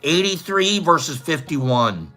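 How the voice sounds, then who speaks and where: A man's voice: fairly high pitch, big pitch swings, slow, over music. A man hosting a casual livestream trivia contest, chatting with viewers, joking and laughing at his own jokes.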